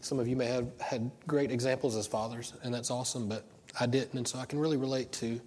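A man's voice: medium pitch, fairly even intonation, fast, darkish tone, slight background noise. Middle-aged man preaching, rambling storyteller. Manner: rambling, personal storytelling with frequent restarts. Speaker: pastor. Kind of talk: informal sermon.

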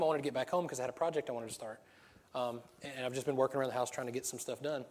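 A man preaching at an everyday middle pitch, speaking to his congregation as if chatting with friends. He moves easily between stories and scripture and tosses out questions for them to answer. A light laugh keeps breaking into his talk. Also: steady tone, racing. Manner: conversational storytelling, rhetorical questions, frequent laughs. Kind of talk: sermon.

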